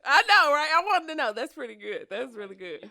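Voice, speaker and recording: A woman's voice: high-pitched, big pitch swings, brisk, vocal fry, bright, forceful tone. A woman co-hosting a podcast, reacting eagerly and laughing along. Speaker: podcast co-host. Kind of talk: casual podcast chat.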